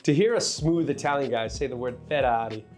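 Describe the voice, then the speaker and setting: A man's voice: mid-range voice, fairly quick, a little mellow, faint music behind. A man hosting his own finance channel, giving casual market commentary to camera with candid, joking asides to viewers. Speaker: finance video host and trader.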